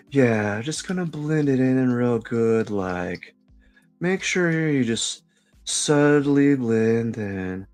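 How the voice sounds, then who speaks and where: A man hosting his drawing vlog, chatting in a relaxed, rambling, self-deprecating way while he works. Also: medium pitch, takes it slowly, faint music behind. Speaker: artist host. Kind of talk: casual drawing vlog talk.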